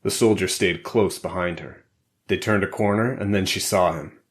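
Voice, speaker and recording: A man narrating a spy thriller audiobook in a measured, steady way. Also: low-pitched. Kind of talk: scripted narration.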